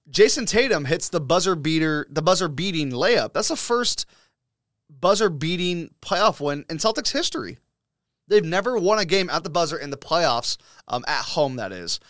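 Excitable, profane sports-podcast man, higher voice. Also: no room sound, studio quality. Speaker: podcast host. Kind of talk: casual sports podcast chat.

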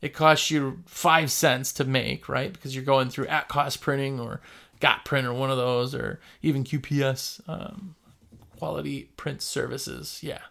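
A man's voice: medium pitch, fairly even intonation, measured pace, vocal fry, fairly bright tone. A man who runs a window cleaning business, giving casual, jokey advice and telling stories with quoted customers.

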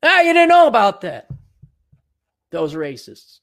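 A man with a slightly higher voice rants through a solo podcast. He swears freely and sneers at people he mocks. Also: wildly swooping pitch, a little slow, fairly bright tone. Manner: profane, sarcastic, ranting; mock voices for people he ridicules. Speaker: podcast host.

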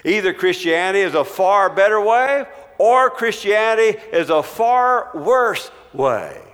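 A man preaching a sermon as pastor, emphatic, with dramatic pauses and a voice that drops low at the ends of phrases. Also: expressive, a bit bright. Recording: long reverb in a large hall.

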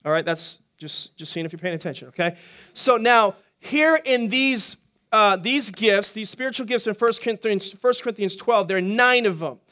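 A man preaching as a pastor, teaching quickly and energetically and throwing questions to the congregation. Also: sits high. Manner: energetic, talks fast, asks the congregation questions. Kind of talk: sermon teaching.

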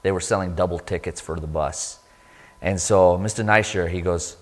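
A man giving a sermon testimony, telling his story with lively energy and acting out the voices of people he met. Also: sits low, normal speed. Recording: long hall reverb.

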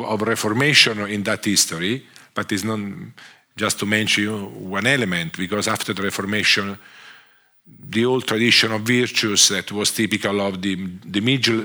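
Bright-voiced Italian-accented man lecturing. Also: fairly low pitch. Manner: halting, frequent restarts and fillers. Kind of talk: conference talk.

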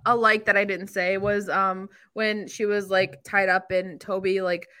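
A woman's voice: medium pitch, level tone, measured pace, bright, forceful tone. A young woman co-hosting a book podcast, chatting casually in a rambling, giggly way. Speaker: podcast co-host. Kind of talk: casual chat.

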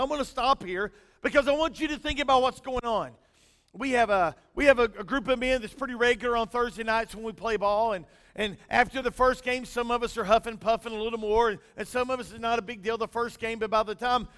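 A middle-aged man, preaching a sermon in a folksy storytelling way, his loudness rising and falling. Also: sits high. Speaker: pastor. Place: church sanctuary. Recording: long hall reverb.

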